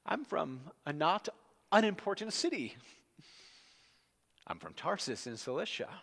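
A man's voice: a little high, very animated, a little slow, gravelly, fairly bright tone, voice pushed up, exaggerated voice. A man voicing a beaten but composed male apostle who pleads politely and earnestly, heard in a large echoing hall.

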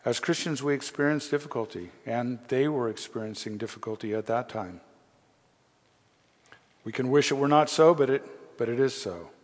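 A man's voice: medium pitch, moderate pace, darkish tone, big-room sound. A man preaching a sermon, reading scripture aloud and pressing its points with earnest, rising emphasis. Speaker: pastor.

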